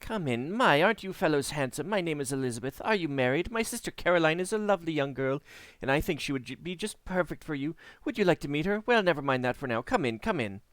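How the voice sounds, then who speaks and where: A man voicing a chatty middle-aged village woman who talks without pausing for breath. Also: a little high, animated, a bit bright, dry recording, pitched above the performer's own voice. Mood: gushing.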